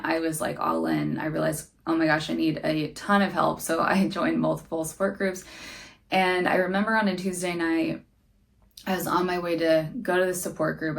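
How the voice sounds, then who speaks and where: Young mom podcast host, kinda low voice with vocal fry, earnest and candid. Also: female voice. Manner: earnest, faith-minded, candid about struggles. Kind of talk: personal reflective monologue.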